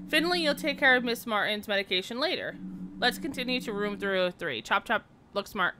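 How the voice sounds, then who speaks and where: A woman's voice: medium pitch, animated, brisk, noisy background. A woman streamer playing a game, reading the characters' lines aloud and joking between them.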